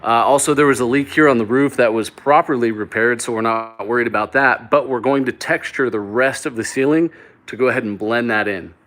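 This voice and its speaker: Man, mid pitch, casual live walk-through host, chatty and rambling, phone mic indoors. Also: brisk, a bit bright. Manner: upbeat, rambling, many fillers and restarts. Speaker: mobile home flipper hosting a live stream. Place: indoors in a small mobile home.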